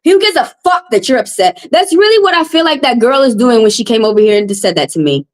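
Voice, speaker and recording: A woman's voice: fairly high pitch, expressive, fast. A woman tarot reader from the American South, ranting to her live-stream chat in an upset, confrontational way and repeating herself. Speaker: tarot reader and livestream host. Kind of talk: heated live-stream rant.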